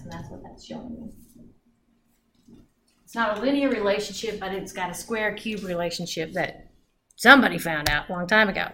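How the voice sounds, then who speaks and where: A woman explains astronomy to her class in a fairly high voice, chatty and prone to restarting her sentences. She is picked up from a distance in an echoey classroom, with faint room noise behind her. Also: fairly bright tone. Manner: chatty, restarts often, acts out orbits with sound effects. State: out of breath. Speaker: astronomy instructor. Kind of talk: classroom lecture. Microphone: far from the mic. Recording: echoey classroom recorded from afar.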